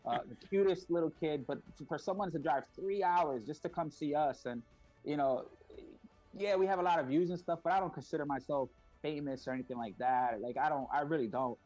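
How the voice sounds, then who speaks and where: A man's voice: on the high side, a little fast, lo-fi sound, soft background music. A middle-aged man, a parent behind a kids' video channel, telling stories in a casual interview with lots of fillers and acted-out voices. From United States. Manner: animated storyteller, acts out voices, many fillers.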